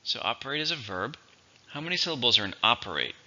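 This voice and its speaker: A man teaching English vocabulary, going through each word methodically and repeating it slowly for its syllables and stress. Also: medium pitch, big pitch swings, bright, forceful tone, lo-fi sound. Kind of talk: vocabulary lesson.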